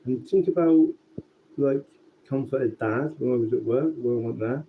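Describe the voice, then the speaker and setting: A man telling a rambling, sweary story in a casual, relaxed way. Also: medium pitch, normal speed. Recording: tinny phone-like sound with faint background noise.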